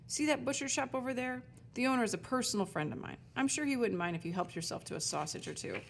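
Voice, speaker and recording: A woman's voice: a little high, fast, vocal fry, a little hiss or hum, pitched above the performer's own voice. A woman voicing a pushy, officious talking shop sign in a storybook reading, barking warnings and then wheedling.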